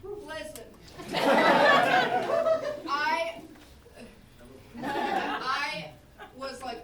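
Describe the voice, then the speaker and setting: A high-voiced woman tells a loose, rambling story between songs, swearing freely and backtracking mid-sentence. She sounds distant from the mic in an echoey venue, with music in the room. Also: animated, drawn-out words, pauses often, very noisy. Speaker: musician performing a live set. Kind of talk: casual stage banter between songs. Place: small live music venue.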